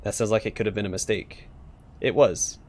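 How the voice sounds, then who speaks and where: A man's voice: lowish voice, little pitch movement, fast. A man hosting a casual game playthrough, reading and reacting in an offhand way. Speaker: let's play host.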